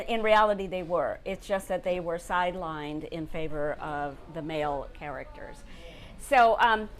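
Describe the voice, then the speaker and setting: A woman's voice: on the low side, slight background noise. Woman from India telling her story. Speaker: author speaking at a salon event. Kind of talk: casual storytelling talk. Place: event room, indoors.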